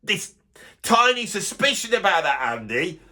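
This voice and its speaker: A man doing a bitter middle-aged music snob who grumbles and blusters through a comic rant. The voice sits a touch high and comes out bright and tense. He trips over his own restarts as the complaints pile up. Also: big pitch swings, unhurried, exaggerated voice. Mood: grumbling. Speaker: YouTuber doing a comic character.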